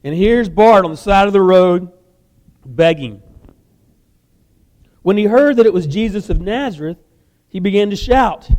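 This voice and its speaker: A man preaching a sermon, telling the story in an animated way with casual asides. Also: high-pitched, measured pace, pauses often, long reverb tail. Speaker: guest preacher.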